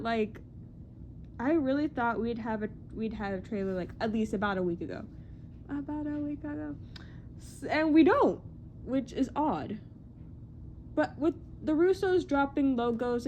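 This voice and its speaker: A young woman chatting casually in a vlog about movie news, excitable and rambling, often self-deprecating and full of "like". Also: fairly high pitch, a little slow, a little hiss or hum.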